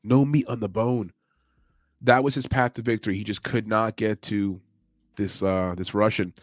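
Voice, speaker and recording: A man's voice: lowish voice, fairly even intonation, moderate pace, no room sound. A man hosting a casual sports betting podcast, loose and chatty, thinking aloud as he goes. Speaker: MMA betting podcast host. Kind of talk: casual chat.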